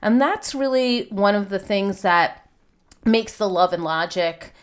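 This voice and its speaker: A woman's voice: mid-range voice, expressive, unhurried. A woman hosting a podcast interview, attentive and reflective as she responds to her guest. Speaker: podcast host.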